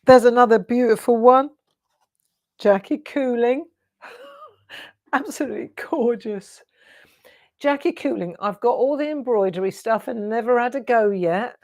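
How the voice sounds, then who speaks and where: A woman's voice: a little high, normal speed, darkish tone, no echo. A woman in her sixties hosting a craft show, chatty and effusive, gushing over viewers' artwork with storytelling asides. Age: 60s.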